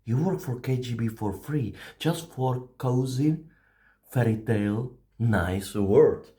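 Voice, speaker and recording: A man's voice: mid-range voice, takes it slowly, warm tone. A man delivering a mocking, profane satirical rant in broken English, dropping into whispers and breaking into laughter. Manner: broken, non-native English grammar. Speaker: vlogger. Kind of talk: satirical ranting monologue.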